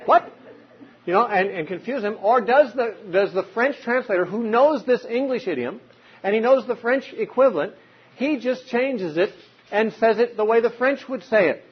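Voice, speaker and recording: A man's voice: very high voice, expressive, moderate pace, husky. A man giving an unscripted Bible teaching talk, explaining with examples and rhetorical questions. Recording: dull lo-fi recording.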